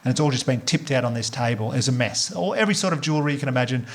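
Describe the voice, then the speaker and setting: An Australian man doing a stand-up comedy set on a club stage, telling stories quickly with acted dialogue and casual swearing. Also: medium pitch. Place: comedy club stage before a live audience.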